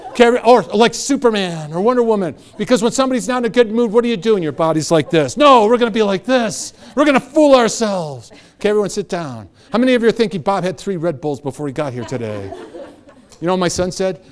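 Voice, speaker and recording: High-energy man giving a motivational talk. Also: fast talker. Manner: energetic, joking, leads the audience in exercises. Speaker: motivational speaker. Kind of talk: motivational talk to a live audience.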